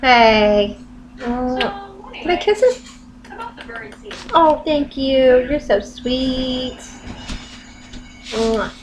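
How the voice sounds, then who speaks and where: A middle-aged woman with a high voice talks slowly and sweetly to her pet bird, slipping into giggles and cooing baby talk. It is a casual home video recorded at home, with a faint hiss in the background.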